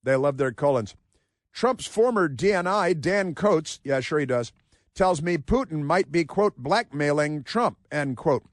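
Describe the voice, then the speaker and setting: A man's voice: a little high, lively intonation, a little slow, dry recording, clean studio sound. A man hosting talk radio, mocking and rambling, with frequent filler words. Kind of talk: casual talk radio commentary.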